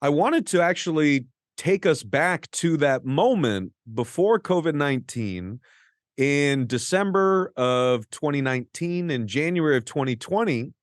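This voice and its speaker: A man hosting an interview from a studio, reading an earnest introduction and then asking measured questions. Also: on the high side, lively intonation, no room sound. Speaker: interview host. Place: radio studio.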